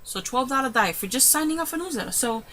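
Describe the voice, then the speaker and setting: A woman crafting vlogger telling a story in a casual, excitable way, recorded in her room at home. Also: high-pitched, quick pace, slight background noise, low-quality recording. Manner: chatty, excitable, retells with quoted asides.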